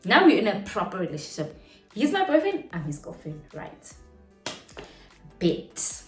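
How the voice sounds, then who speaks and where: A woman's voice: medium pitch, a little slow, long pauses. Chatty South African woman telling a story. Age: 20s. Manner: animated, chatty storytelling with slang and Setswana phrases mixed in. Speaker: vlogger. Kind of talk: storytime vlog. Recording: roomy room with faint music behind.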